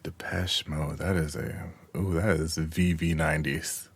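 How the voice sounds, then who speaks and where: A man's voice: a bass voice, steady tone, unhurried, husky. A man co-hosting a podcast in casual chat, playful and riffing on catchphrases. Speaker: podcast co-host.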